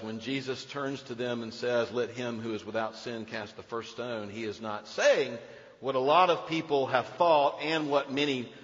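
A man preaching a sermon as pastor, animated, moving between loud emphasis and hushed storytelling. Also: medium pitch. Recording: dull sound in a reverberant hall.

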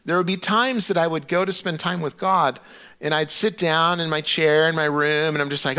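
A middle-aged man preaches with a high, bright voice. He talks conversationally, stumbling through restarts and fillers, and acts out his prayers to God as if chatting with a friend. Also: steady tone, normal speed, smooth. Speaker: pastor. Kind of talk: sermon.

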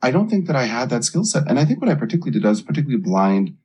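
A man's voice: medium pitch, big pitch swings, rapid-fire, a little mellow, breathy edge. A middle-aged man, a life coach, earnestly telling his own story in an interview.

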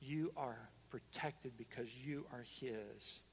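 A pastor preaching a sermon to his congregation, swinging between loud emphatic calls and hushed, slow lines. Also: mid-range voice, slight background noise. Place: church hall. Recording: long reverb of a church hall.

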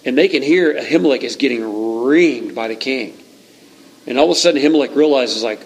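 A man preaching a sermon, reading scripture and retelling it with lively, acted-out lines. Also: medium pitch, fairly quick, vocal fry, rough recording. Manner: animated storytelling, reads scripture aloud, acts out shouts. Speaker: pastor.

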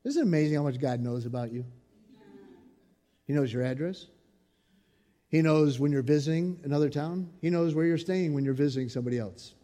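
Expressive preacher man in an echoing hall. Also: a little high, a little fast, long pauses. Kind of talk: sermon. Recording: long reverb in a large hall.

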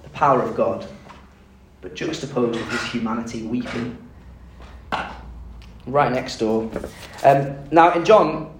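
Preacher in an echoey hall. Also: male voice, mid-range voice, measured pace, long pauses, a little hiss or hum. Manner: conversational, animated storytelling with rhetorical questions. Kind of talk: sermon. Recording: echoey room, mic at a distance.

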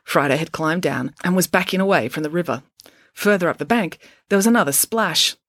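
A woman narrating a children's adventure book in an expressive storytelling manner. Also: fairly low pitch, a little fast, dry recording, studio quality. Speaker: audiobook narrator.

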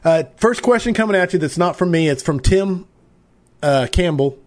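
A man's voice: sits high, animated, normal speed. A man hosting a live-stream interview podcast, enthusiastic and chatty as he reads out viewer comments. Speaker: podcast host.

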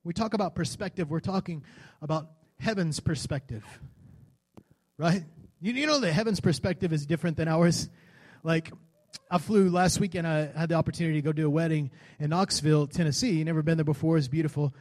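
During his sermon, a pastor tells a story from his own life in a relaxed, chatty way, then rises into fervent declarations. He speaks a little fast, in a slightly high, steady voice with a darkish tone.

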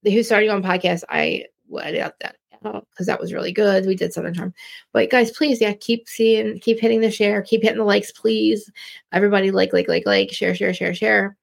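Jersey-accented woman host, blunt, rambling live chat, mid pitch with vocal fry. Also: fairly even intonation, fairly quick. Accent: New Jersey. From New Jersey. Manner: rambling, blunt, many restarts. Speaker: live-stream podcast host. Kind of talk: casual live-stream chat.

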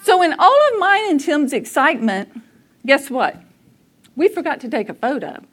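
A woman speaks in a high, bright voice. She is middle-aged and tells a family story to a church crowd. She talks animatedly, laughs often and acts out what people said. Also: big pitch swings, normal speed. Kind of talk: storytelling talk to a church audience.

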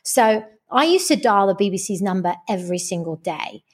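A woman's voice: mid-range voice, moderate pace, slightly rough. Woman telling stories animatedly. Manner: animated storyteller who acts out quoted dialogue. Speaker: guest, dating and relationship coach. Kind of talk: casual podcast interview.

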